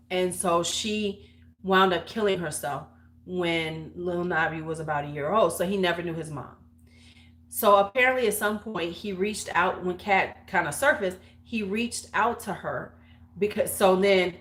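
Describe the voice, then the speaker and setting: A woman in her forties hosts a beauty livestream, spinning a long, gossipy story in a loose, frank, salty manner over a webcam mic. Her voice is fairly low-pitched with a fairly bright tone.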